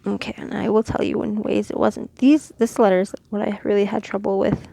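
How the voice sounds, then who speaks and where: A woman from Mexico teaching letters and their sounds in a casual, patient lesson, demonstrating each sound slowly. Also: medium pitch, little pitch movement, gravelly, warm tone, no echo. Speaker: Quran reading teacher.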